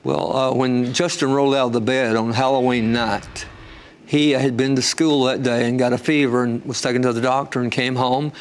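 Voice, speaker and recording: A man telling an emotional personal testimony, growing animated as the story builds. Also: normal speed, a little hiss or hum. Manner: storytelling, gets animated and higher when excited. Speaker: guest telling his testimony.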